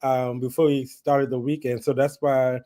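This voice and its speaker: Hosting a casual live chat, a man chats and laughs through a lively retelling, his voice medium in pitch and normal in speed.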